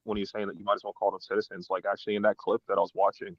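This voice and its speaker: Fast, low, flat-voiced man. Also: no room sound, muffled recording. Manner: hesitant, lots of "like". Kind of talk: casual podcast chat.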